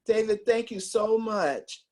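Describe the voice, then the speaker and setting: A woman's voice: a little high, takes it slowly, a little mellow. A woman, a vocal teacher hosting the interview, speaking affectionately with students and thanking her guest over a video call. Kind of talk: casual video call chat.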